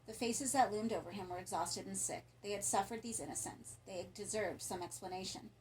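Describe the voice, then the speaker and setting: A woman reading a horror story aloud in a calm, even narration. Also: medium pitch, brisk, slight background noise, poor audio. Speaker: audiobook narrator.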